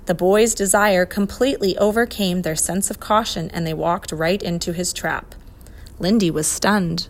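A woman reading a children's adventure story aloud, expressive and lively. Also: lowish voice, moderate pace, slight background noise. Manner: expressive, voices the characters. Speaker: narrator.

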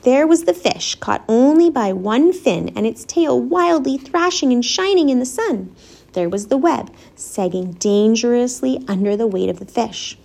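Brief: wise, patient female spider, gentle but firm, high animated voice, as a woman reads her in a storybook. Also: measured pace, gravelly, full character voice. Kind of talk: storybook reading.

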